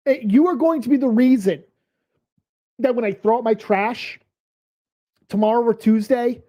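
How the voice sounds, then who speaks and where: A man's voice: high voice, warm tone. A man hosting a reaction stream, ranting angrily and swearing, a little tipsy. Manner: angry, profane ranting. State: tipsy from beer. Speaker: stream host.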